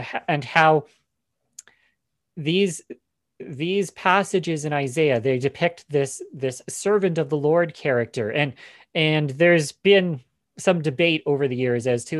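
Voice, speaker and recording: A man's voice: a little high, no room sound, studio quality. A man giving a Bible lesson, explaining passages with frequent fillers and restarts. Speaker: Bible teacher. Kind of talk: teaching session on scripture.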